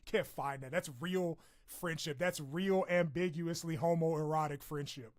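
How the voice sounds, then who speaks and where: Male streamer, slightly high voice, rowdy and profane, laughs a lot, casual live chat. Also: steady tone, measured pace. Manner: loud, laughing, profane, swings from shouting to mumbling.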